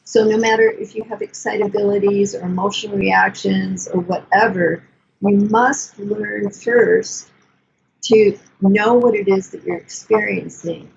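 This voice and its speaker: An older woman therapist explaining emotional self-care in an earnest, coaching way, with gentle self-soothing asides. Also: medium pitch, steady tone, measured pace, creaky. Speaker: therapist guest. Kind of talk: explanatory podcast talk. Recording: dull lo-fi sound with faint noise.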